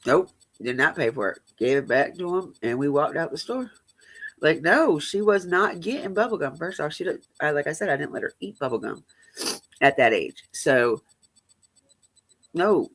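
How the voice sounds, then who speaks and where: A woman's voice: deep voice, lively intonation, normal speed, breathy edge. A woman hosting a live stream, telling blunt, profane stories in casual chat.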